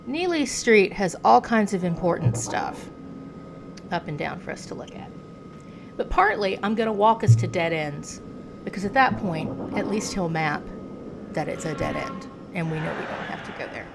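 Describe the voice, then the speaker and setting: A woman's voice: fairly low pitch, very animated, normal speed, vocal fry, noisy background. An American woman giving chatty gameplay commentary, talking to the game's hero the way she talks to a pet. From United States. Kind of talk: casual game commentary.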